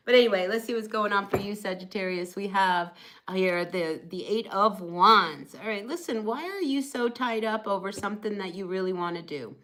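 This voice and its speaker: A woman's voice: mid-range voice, normal speed, a bit bright, low-quality recording. Chatty woman giving a tarot reading. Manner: chatty, encouraging, many fillers. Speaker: tarot reader. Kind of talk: casual live tarot reading.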